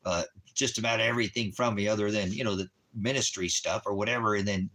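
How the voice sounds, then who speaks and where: Forceful, heated ranting man. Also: lowish voice, steady tone, fast talker. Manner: rambling, profane, heated, restarts often. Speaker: livestreamer addressing viewers. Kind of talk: casual profane rant.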